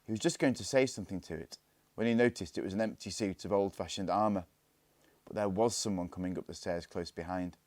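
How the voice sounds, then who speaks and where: A man reading a children's storybook aloud, calm and hushed in tense parts. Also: low voice, a little fast, dry recording. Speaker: story reader. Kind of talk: storybook narration.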